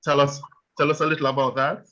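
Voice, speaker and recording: A man's voice: fairly high pitch, little pitch movement, fast talker, sharp tone. A man with a Jamaican accent hosting an online language workshop, explaining rules and checking in with the class. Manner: explanatory, checks in with "right?" and "okay?". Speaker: workshop host and teacher. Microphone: video call. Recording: lo-fi video call audio.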